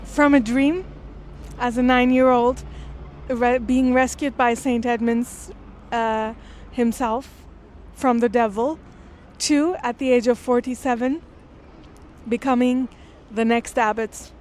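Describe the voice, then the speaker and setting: A woman reading a classic text aloud and pausing to explain it. She speaks in an earnest, thoughtful way. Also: fairly high pitch, fairly even intonation, darkish tone, slight background noise. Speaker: literature lecturer. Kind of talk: reading aloud with close-reading commentary.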